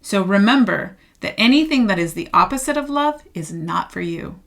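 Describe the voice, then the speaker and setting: A woman's voice: medium pitch, expressive, moderate pace, creaky. A woman giving a casual tarot reading to viewers, chatty and emphatic, repeating her phrases and laughing often. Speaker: tarot card reader.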